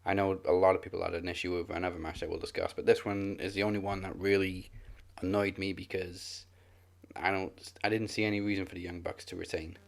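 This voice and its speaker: A man co-hosting a wrestling podcast, giving relaxed, opinionated takes in casual chat. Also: deep voice, quick pace, vocal fry. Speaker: podcast co-host.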